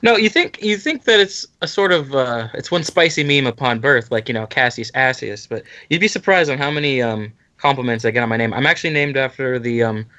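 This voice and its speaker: A man's voice: mid-range voice, animated, a little fast, hardly any pauses, pushed and bright, dry recording. Young man with a dull, dry lo-fi sound. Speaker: podcast co-host. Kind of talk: casual chat.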